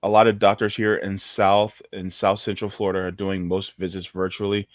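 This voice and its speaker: A man's voice: deep voice, completely flat delivery, fairly quick, dry recording. A man co-hosting a casual livestream chat, rambling and jokey with many restarts. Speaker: co-host. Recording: muffled lo-fi audio.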